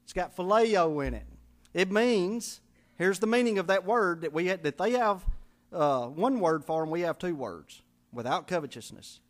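A man's voice: sits high, lively intonation, normal speed. A man preaching a sermon in a church, folksy and conversational, joking with the congregation and spelling out Greek words letter by letter. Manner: folksy preaching with call-and-response and humor. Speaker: pastor.

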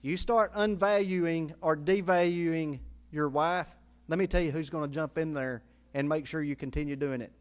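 Male preacher, high-pitched, folksy and humorous, teaching scripture from the pulpit. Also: moderate pace. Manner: spells out Greek words letter by letter. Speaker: pastor. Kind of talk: sermon.

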